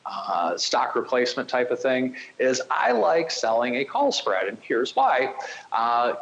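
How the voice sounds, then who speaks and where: A man commenting on options trading on a podcast, explaining a strategy in a relaxed, conversational way with frequent "uh" fillers. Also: mid-range voice. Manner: lively, conversational teaching with frequent "uh". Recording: dull lo-fi sound with faint hiss.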